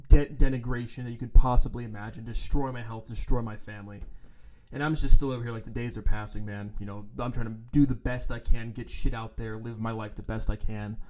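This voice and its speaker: On his trading vlog, a man with a mid-range, slightly mellow voice delivers a casual, ranting monologue that's blunt, profane and sarcastic. Now and then he mocks others in put-on voices. He uses his own microphone and adjusts it as he talks.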